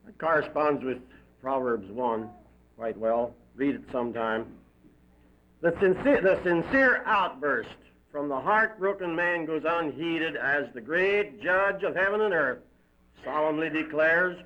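A man's voice: a little high, a little slow. A man giving an emphatic, dramatic reading of a moral story. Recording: dull lo-fi recording.

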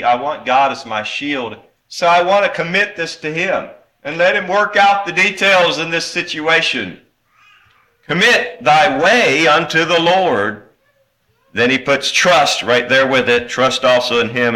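Slow, bright-toned preaching man. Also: medium pitch, rough recording. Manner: slow, earnest preaching with emphatic rises; reads scripture in old-style wording. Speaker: pastor. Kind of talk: sermon.

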